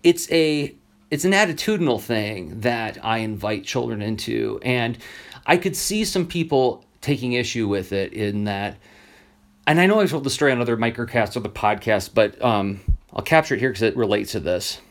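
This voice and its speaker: A man's voice: mid-range voice, moderate pace. A man, a teacher hosting his own podcast, talking casually and acting out the voices of people in his stories. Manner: animated storyteller, acts out quoted voices. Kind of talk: casual solo podcast monologue.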